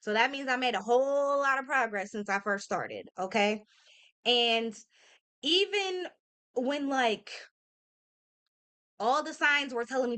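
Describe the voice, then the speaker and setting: Speaking to camera in a heartfelt motivational vlog, she sounds forceful, bright and animated, her pitch on the high side. The woman, in her thirties, goes a little slow and pauses often. Her casual, slangy, filler-laden speech is earnest and emphatic, with frequent "y'all" and "okay?" aimed at her audience.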